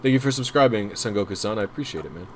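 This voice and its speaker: A man's voice: fairly low pitch, expressive, racing, slight background noise. A young man chatting casually on a livestream, rambling and self-deprecating as he talks to viewers. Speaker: streamer.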